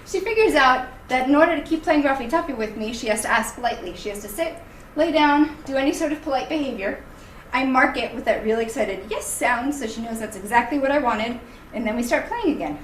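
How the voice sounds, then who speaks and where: A woman dog trainer demonstrating a game in a playful, energetic, excitable way. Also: high voice, fairly quick. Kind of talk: demonstration video. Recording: echoey room, voice from off-mic, faint hiss.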